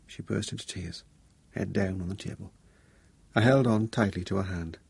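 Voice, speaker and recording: A man narrating a thriller audiobook in first person, measured and low-key with a tense undertone. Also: vocal fry, darkish tone, slightly rough, no room sound.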